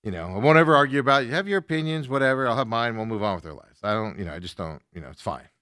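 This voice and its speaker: A man hosting a sports talk show, ranting casually, laughing often and mocking people with quick impressions. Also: medium pitch, lively intonation, fairly bright tone, dry recording, studio quality.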